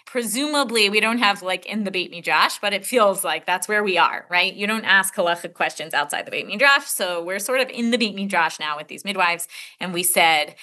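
Woman teacher, class lecture, bright voice, chatty and thinking out loud. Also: medium pitch, fairly quick. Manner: conversational, thinking aloud, many filler "like"s. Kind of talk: teaching a text-study class.

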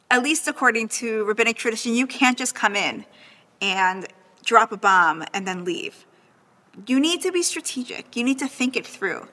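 A woman giving a lecture on a text, animated and often checking in with "right?". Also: fairly high pitch, big-room sound. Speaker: teacher.

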